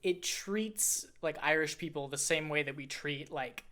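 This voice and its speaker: Podcast cohost, bright tense voice, rambly, keeps restarting sentences. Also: mid-range voice, a little slow. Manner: rambling, restarts words, lots of "like". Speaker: podcast co-host. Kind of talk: casual chat.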